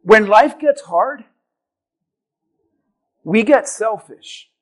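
Male pastor, very high voice, impassioned sermon, shouts and slows for emphasis, church. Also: animated. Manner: impassioned preaching, often shouting and slowing for emphasis.

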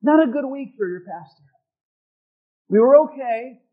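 A man's voice: very high-pitched, animated, a little slow, narrow, tinny audio. A man preaching as a pastor, telling a personal story and calling for responses from the congregation. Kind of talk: sermon.

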